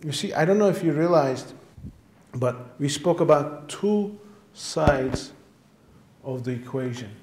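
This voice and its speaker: A man's voice: a little high, expressive, slow, long pauses, a little mellow, slight background noise. Guy pastor giving a sermon, repeats stuff for emphasis, roomy church sound. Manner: emphatic preaching, repeats phrases for stress. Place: church sanctuary. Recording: echoey church room.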